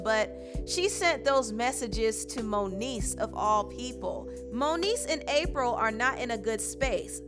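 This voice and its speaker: A woman presents celebrity gossip in a knowing, lightly judgmental tone. Her voice sits a little high, with a clear music bed playing underneath. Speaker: gossip show host. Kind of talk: scripted gossip commentary.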